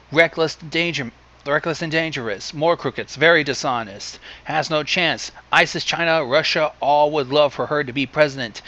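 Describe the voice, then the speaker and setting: A man reading a long list aloud in a plain deadpan way, adding dry asides now and then. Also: fairly high pitch, highs cut off. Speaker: reader.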